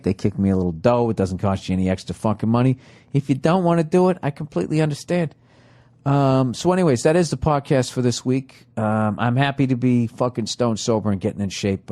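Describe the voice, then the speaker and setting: A man's voice: medium pitch, darkish tone. A middle-aged man, hosting a podcast and giving casual, profane, sarcastic advice. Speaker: podcast host.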